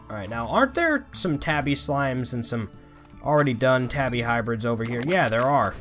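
A man's voice: medium pitch, lively intonation, normal speed, fairly bright tone, faint music behind. A young man giving playful, chatty let's-play commentary, talking to the creatures in his game. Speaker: gaming YouTuber.

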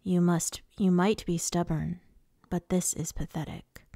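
A woman's voice: fairly low pitch, little pitch movement, measured pace, mellow, dry recording, studio quality. A woman reading the lines of a suave, menacing male fae lord, with a purring, taunting delivery. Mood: whispered purring.

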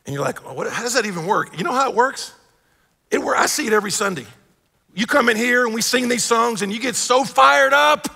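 Animated pastor in a reverberant hall. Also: male voice, high-pitched, creaky. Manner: animated storytelling with acted-out quotes. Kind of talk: sermon. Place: church sanctuary. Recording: live church hall reverb.

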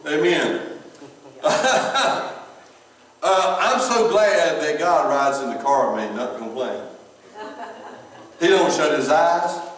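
A man's voice: fairly high pitch, animated, slow, long pauses, fairly bright tone. A middle-aged man with a Southern US accent preaching a humorous sermon, folksy, laughing often and repeating words. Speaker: pastor. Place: church sanctuary. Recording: echoey hall from far off.

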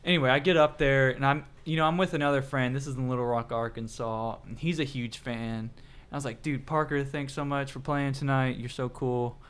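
A man's voice: mid-range voice, fairly even intonation, fairly quick, fairly bright tone, smooth. A man hosting a casual late-night podcast, rambling through stories and acting out quotes. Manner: rambling storyteller, acts out quotes. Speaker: podcast host.

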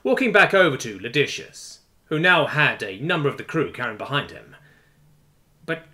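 Bright, lively male story narrator. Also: medium pitch, fairly quick. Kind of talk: scripted narration. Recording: faint music underneath.

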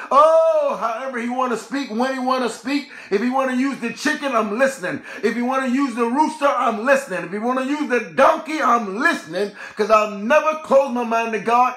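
A man preaches with fervour, his voice sitting very high and ringing bright. He drives his points home in repeated call-and-response phrases and bursts into shouts. The sound carries the echo of a reverberant room. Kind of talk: sermon.

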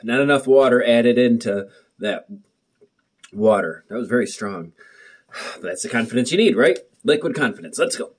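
A young man chats to the camera from his bathroom at home, jittery and jokey, circling back to the same worries. His voice is husky and middle-pitched. The sound is muffled, as if caught by the camera's own microphone. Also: expressive, moderate pace, pauses often. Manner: nervous, rambling, jokey. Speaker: vlogger. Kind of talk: casual chat to camera. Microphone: built-in camera mic, muffled.

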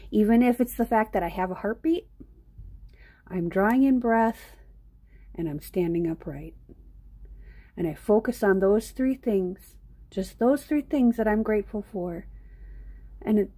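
A woman's voice: medium pitch, dark tone. A middle-aged woman hosting an art live stream, rambling and chatting straight to her viewers. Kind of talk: casual live-stream chat.

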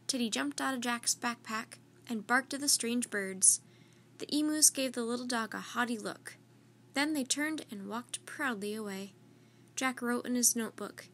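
A woman reading a children's story aloud in a gentle, clear, steady storytelling manner. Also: fairly high pitch, moderate pace.

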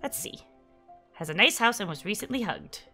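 A woman's voice: mid-range voice, sing-song, moderate pace, sharp tone, faint music behind. Giggly woman playing a cozy game. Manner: giggly, chatty, easily confused. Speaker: gaming YouTuber. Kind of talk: casual let's play commentary.

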